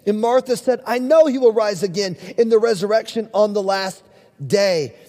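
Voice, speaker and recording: High-voiced pastor preaching in a reverberant hall. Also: male voice, normal speed, warm tone. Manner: earnest, emphatic preaching that calls out to the congregation. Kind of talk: sermon. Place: church sanctuary.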